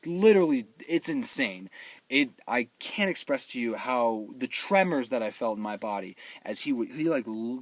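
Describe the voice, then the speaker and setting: A man recaps a film in a rambling, joking rush, slipping into the characters' voices. His pitch swings widely as he gets worked up. The sound is close and dry, with no room around it. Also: no echo. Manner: rambling, excitable, jokey, acts out characters' lines. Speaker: movie reviewer, show host. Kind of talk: comedic movie recap.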